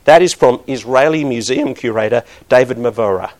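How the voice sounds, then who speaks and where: A man's voice: mid-range voice, a little fast, darkish tone. A middle-aged man preaching a sermon, earnest and building to emphatic bursts.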